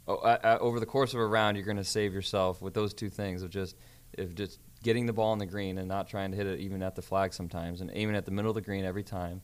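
A man's voice: sits low, fairly even intonation, fast talker, clean tone. A man who is a professional golfer, talking earnestly as a guest in a casual chat, often restarting his sentences.

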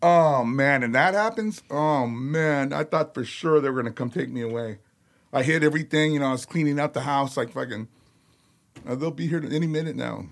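Man, middle-aged, lively swearing storyteller, mid pitch, studio mic. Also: brisk, creaky. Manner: animated, laughing, acts out others' voices, swears freely. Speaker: metal vocalist, podcast guest. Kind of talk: casual storytelling chat. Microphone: podcast studio mic.

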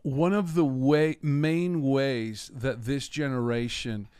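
A man co-hosting a faith podcast, making his points in an emphatic, deliberate way. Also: mid-range voice, fairly even intonation, darkish tone, clear, resonant tone, no room sound. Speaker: podcast co-host. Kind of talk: conversational interview.

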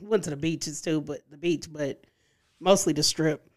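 A woman's voice: deep voice, moderate pace. A woman guest on a podcast, telling family stories in a casual chat and laughing as she talks.

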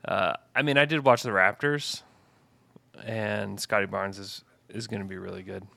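A man's voice: on the low side, fairly even intonation, moderate pace, creaky, bright, forceful tone, no room sound. A man co-hosting a podcast in casual chat, rambling with hesitant restarts. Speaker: podcast co-host.

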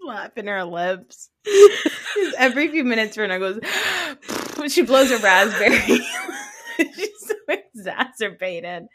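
A woman co-hosting a casual podcast chat, animated, laughing often and acting out quotes. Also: fairly high pitch, takes it slowly. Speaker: podcast co-host.

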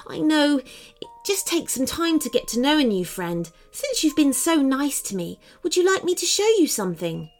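A woman voicing a shy, polite young schoolgirl witch with a put-on English accent, speaking in a proper, hushed way. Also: high voice, sing-song, moderate pace, pitched above the performer's own voice. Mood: earnest. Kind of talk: children's storybook reading.

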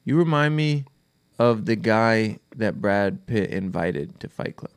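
A man's voice: on the low side, measured pace, clear, resonant tone. A young man co-hosting a podcast, chatting casually, laughing often and filling his talk with "like". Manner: animated, laughs often, lots of "like". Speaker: podcast co-host. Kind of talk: casual chat.

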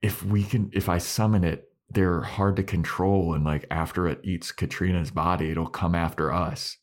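A man voicing Andrew, a dithering, nerdy young male sidekick who rambles slowly. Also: low voice, steady tone, natural voice.

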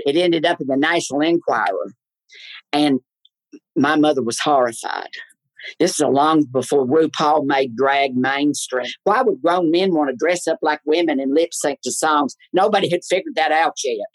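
A man, a guest on a talk show, telling stories in an animated, theatrical way. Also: no room sound, poor audio. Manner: lively, theatrical, swoops up high in his laughs. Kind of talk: animated storytelling in a chat show.

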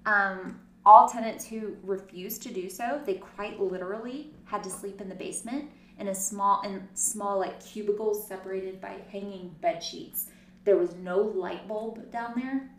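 A woman co-hosting a casual true-crime podcast, telling the story in an animated way with sarcastic asides. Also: medium pitch, a little hiss or hum. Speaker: podcast co-host. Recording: roomy, distant mic.

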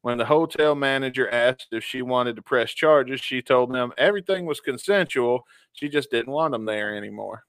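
A man with a smooth, resonant voice co-hosts a casual podcast, reading out listener stories in an easy, laid-back way. The sound is dry and close, with no room around it. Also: medium pitch, normal speed, hardly any pauses, a bit bright, dry recording. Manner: laid-back, reads stories aloud and ranks them, chuckling. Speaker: podcast co-host.

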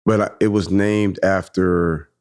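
A man's voice: low voice, measured pace. A man in his thirties co-hosting a podcast, talking in a casual, reflective way and telling stories. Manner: reflective, storytelling with animated quoted voices. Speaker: podcast co-host.

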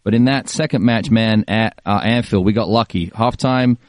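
A man co-hosting a casual sports podcast, easygoing and relaxed in his chat. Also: lowish voice, normal speed, no room sound. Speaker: podcast co-host.

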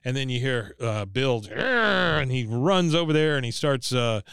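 A man's voice: medium pitch, normal speed, smooth, no echo, studio quality. A man co-hosting a podcast, retelling scenes in casual chat. He acts out the quoted lines and laughs often. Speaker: podcast co-host recapping an episode.

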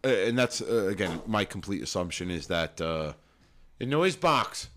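Lively man chatting on a podcast. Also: sits low, normal speed, a little hiss or hum. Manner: animated, mimics movie lines with laughs. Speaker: podcast co-host. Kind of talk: casual chat.

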